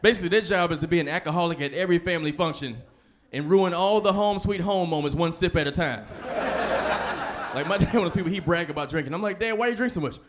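High-voiced young man doing stand-up. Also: fast talker. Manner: animated storytelling, laughs between lines. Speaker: stand-up comedian. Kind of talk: stand-up comedy set.

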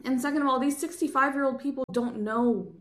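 A woman co-hosting a podcast in casual political chat, animated and emphatic, with exasperated asides. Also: high-pitched, brisk. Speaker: podcast co-host. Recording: roomy echo.

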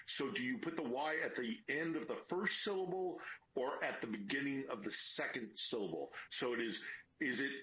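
Guest correspondent, male, tired, earnest and explanatory, bright crisp tone, lo-fi phone line. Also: mid-range voice, normal speed, a little hiss or hum. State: tired from lack of sleep. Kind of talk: phone interview.

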